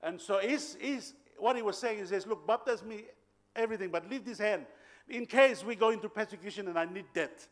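A man from Papua New Guinea delivers a sermon in a high, lively voice. He tells stories animatedly, punching words with sudden loud emphasis and laughing between them. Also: a little fast. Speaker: preacher. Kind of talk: sermon storytelling.

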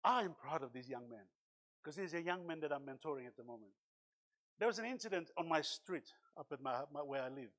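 A man preaching a sermon as pastor, impassioned, with sudden loud bursts and cries of hallelujah. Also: on the high side, expressive, fairly quick. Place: church.

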